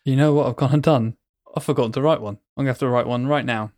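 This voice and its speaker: A man's voice: medium pitch, fairly even intonation, fast talker, noisy background. A man co-hosting a podcast, chatting casually in a jokey, self-mocking way. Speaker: podcast co-host. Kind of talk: casual chat.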